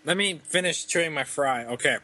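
A man's voice: on the high side, brisk, sharp tone. A young man co-hosting a casual podcast, reading odd news stories aloud and giggling and stumbling over the words. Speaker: podcast co-host.

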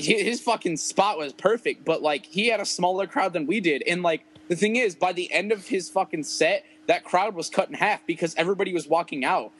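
A man's voice: a little high, fairly bright tone, poor audio. A young man telling stories in casual, profane chat, rambling and laughing often. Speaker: podcast guest musician.

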